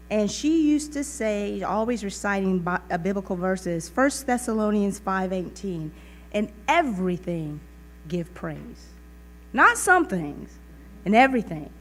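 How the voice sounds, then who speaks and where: A woman reverend giving a sermon, earnest and emphatic, with repeated phrases. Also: mid-range voice. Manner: earnest, emphatic preaching with repetition. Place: community center lounge.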